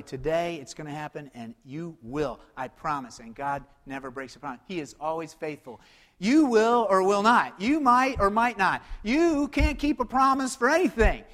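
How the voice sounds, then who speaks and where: A man preaching a sermon, swinging between loud exclamations and hushed, quiet lines. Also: fairly high pitch. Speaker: pastor. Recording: long hall reverb.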